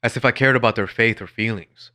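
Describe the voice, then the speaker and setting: A man's voice: on the low side, fast talker, bright, forceful tone. A man narrating his own story in a wry, blunt, sardonic scripted voice.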